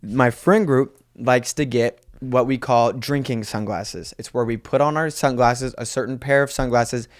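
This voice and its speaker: A man's voice: medium pitch, a little slow, hardly any pauses. Laid-back young man telling stories. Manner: relaxed storytelling, playful teasing. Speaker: podcast co-host. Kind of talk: casual comedic banter.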